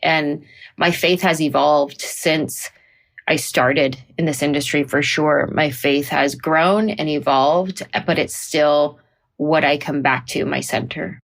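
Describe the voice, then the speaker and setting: A woman comedian talking in an interview, animated and slipping into playful put-on voices. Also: low voice, slow, vocal fry. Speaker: comedian guest. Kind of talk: conversational interview.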